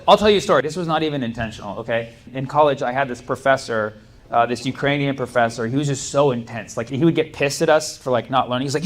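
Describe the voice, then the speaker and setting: A man doing a stand-up set in a comedy club, chatting with the crowd in a loose, laid-back way, full of likes and you-knows, often laughing. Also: medium pitch. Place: comedy club stage with an audience. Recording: live club room with noise.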